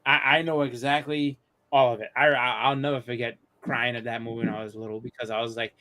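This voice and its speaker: A man in his thirties at mid pitch, hosting a live stream in loose casual chat. He rambles, stumbles over his words and restarts often while telling stories. His pitch sits right in the middle for a man. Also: level tone, a little fast, bright, forceful tone. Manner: rambling, many restarts and fillers. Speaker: host of a live comics show.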